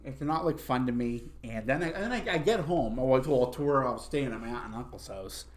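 A man's voice: medium pitch, expressive, fairly quick. A young man from Massachusetts, telling a rambling, self-mocking story in casual chat and laughing as he goes.

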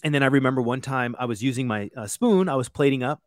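A man's voice: mid-range voice, fast talker, no echo, studio quality. A man in his thirties, a chef, telling stories in a loose, casual way with lots of "like" and "you know" and some swearing. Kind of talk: casual storytelling chat.

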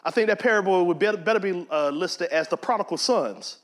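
A man's voice: high voice, a little fast. A man teaching a Bible study in a conversational preaching manner. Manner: conversational, acts out quoted voices.

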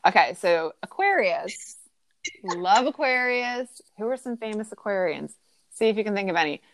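A woman's voice: mid-range voice, lively intonation, moderate pace, slight background noise. A woman chatting casually about astrology, rambling with lots of fillers. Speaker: podcast co-host explaining astrology. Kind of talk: casual chat.

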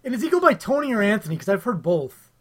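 A man's voice: sits high, big pitch swings, fast, slightly rough. A young man co-hosting a podcast, teasing his partner with playful questions. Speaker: podcast co-host. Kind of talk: casual comedy chat.

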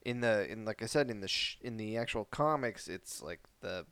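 A man co-hosting a podcast in casual chat, animated and laughing often, with rambling asides. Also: on the low side, moderate pace, smooth, no echo. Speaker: podcast co-host.

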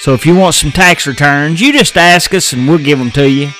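A man's voice: on the high side, a little fast, a bit bright, faint music behind, low-quality recording. Blunt folksy American man hosting a podcast. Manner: folksy, blunt and swearing, riffing loosely. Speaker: podcast host. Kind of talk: casual political podcast rant.

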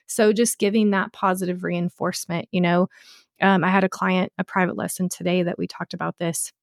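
A woman dog trainer chatting on a podcast, her voice a little low for a woman. She tells stories expressively in a dry, close studio sound. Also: fairly quick, vocal fry, no room sound. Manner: expressive, storytelling with voiced puppy calls. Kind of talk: casual podcast chat.

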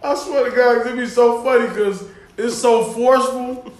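A man's voice: very high voice, steady tone, normal speed, reverberant. A man telling profane, laughing road-rage stories in casual chat.

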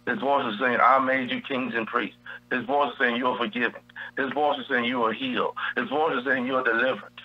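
Husky-voiced man preaching on radio. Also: medium pitch, steady tone, a little fast, highs cut off. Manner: preacherly, repeats key phrases. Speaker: guest preacher. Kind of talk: radio Bible teaching.

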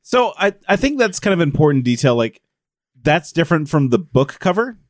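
A man's voice: on the high side, sing-song, moderate pace, no echo, clean studio sound. A man co-hosting a casual book podcast, rambling and checking in with "right?" often. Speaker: podcast co-host.

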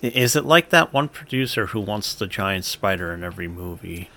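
A man's voice: lowish voice, animated, brisk, pushed and bright. A man co-hosting a podcast in casual chat, asking curious questions and retelling a story he heard. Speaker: podcast co-host.

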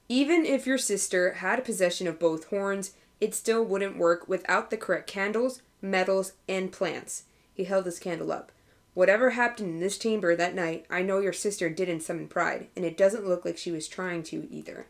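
A woman's voice: mid-range voice, moderate pace. A woman co-hosting a book podcast, chatting with enthusiasm, laughing easily and reading passages aloud. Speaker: podcast co-host. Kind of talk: casual book-club chat.

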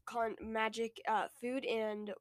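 A woman's voice: on the high side, level tone, slow pace. Hesitant young woman recapping from notes. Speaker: podcast co-host. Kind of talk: casual chapter recap.

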